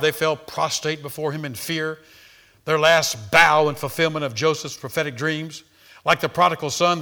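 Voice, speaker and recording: A man preaching a sermon, swinging between loud emphasis and hushed tones, and repeating words as he speaks off the cuff. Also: fairly high pitch.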